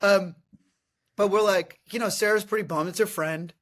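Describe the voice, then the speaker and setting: A man in his thirties hosting a podcast, telling comic stories in a casual, animated way and often laughing. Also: high voice, moderate pace. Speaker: podcast host. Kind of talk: casual comedic storytelling.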